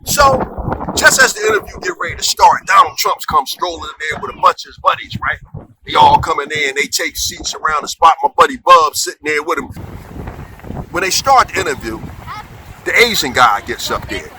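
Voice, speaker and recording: A man spins a comic story in loose, colloquial talk, his voice leaping widely in pitch. He sits a bit higher than most men. A clear layer of noise runs under the recording. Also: brisk. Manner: animated, conversational, colloquial.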